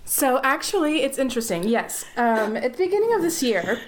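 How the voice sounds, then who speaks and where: A woman's voice: high-pitched, sing-song, brisk, a little hiss or hum. A woman from the United States, hosting a podcast in a bubbly, gushing way and laughing easily. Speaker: podcast host. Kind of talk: casual interview chat.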